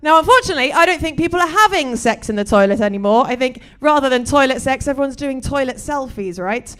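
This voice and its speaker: A middle-aged British woman from Britain performing a stand-up set, deadpan and bawdy. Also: high-pitched, fast talker. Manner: dry, deadpan delivery with bawdy jokes. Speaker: stand-up comedian.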